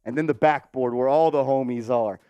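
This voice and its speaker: A man hosting a casual live-stream sports show, talking warmly and giving viewers shout-outs. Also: medium pitch, normal speed, clear, resonant tone, no room sound.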